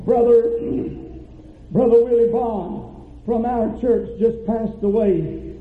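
A man preaching as pastor, telling a story with mounting fervor and drawn-out emphasis. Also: extremely high pitch. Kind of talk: sermon. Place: church sanctuary. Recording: echoey church, tinny phone-like audio.

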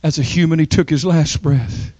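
A man preaching a sermon, emphatic, with dramatic pauses and sweeping rises in pitch. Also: warm tone, no room sound, dull audio.

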